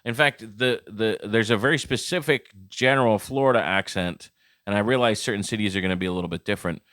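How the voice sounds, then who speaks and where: Casting: low-voiced male podcast co-host, rambling casual chat, dry close sound. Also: fast talker, a bit bright, no room sound. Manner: rambling, loose, full of restarts and fillers.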